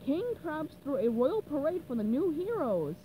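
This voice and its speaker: A woman reading a storybook aloud with slow, animated narration. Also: high-pitched, a little hiss or hum, poor audio. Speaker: storybook reader.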